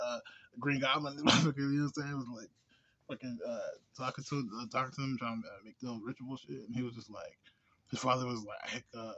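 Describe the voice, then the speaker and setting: A man's voice: mid-range voice, a bit bright. A man giving a casual movie review, laid-back and slangy, rambling with lots of fillers and laughs. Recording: dull lo-fi recording.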